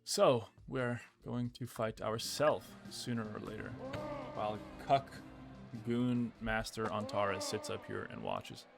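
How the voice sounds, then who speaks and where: A young man from the United States giving casual, excitable commentary over a game he is playing, often exasperated. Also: lowish voice, takes it slowly, creaky. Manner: excitable, exasperated, says "bro" a lot. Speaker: gaming video creator. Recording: game music behind the voice.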